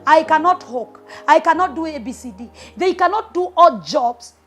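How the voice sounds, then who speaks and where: A woman's voice: sits high, lively intonation, normal speed, fairly bright tone, soft background music. A woman giving sermon-style relationship advice as a prophetess, emphatic and punchy, slipping in Swahili phrases and repeating short commands. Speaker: prophetess preacher.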